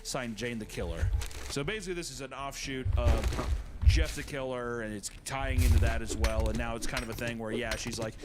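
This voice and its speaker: Profane, bossy podcast host. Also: male voice, medium pitch, fairly even intonation, fairly quick, heavy background noise. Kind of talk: podcast banter and creepypasta reading.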